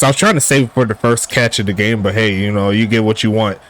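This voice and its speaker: A man calling a simulated football game play by play in a relaxed streaming style, joking with chat and rising on big plays. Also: on the low side, fast, hardly any pauses, a little hiss or hum. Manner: laid-back, laughs at jokey player names, excitable on big plays. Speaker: play-by-play commentator. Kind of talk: casual sim football commentary.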